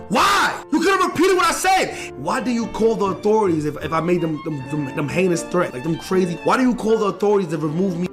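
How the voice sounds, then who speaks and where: A man's voice: high voice, a bit bright. A man streamer angrily denying an accusation, stammering and using lots of slang. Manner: indignant, stammering slang-heavy denial. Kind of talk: casual rant.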